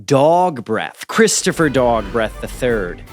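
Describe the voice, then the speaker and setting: A man running a tabletop game, narrating scenes in a lively, casual storytelling way. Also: mid-range voice, slow, faint music behind. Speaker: game master.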